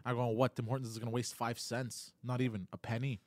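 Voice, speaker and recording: A man's voice: mid-range voice, little pitch movement, fast, no echo. A man on a casual podcast, telling a story at length and peppering it with "you know" and "bro". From Montreal area.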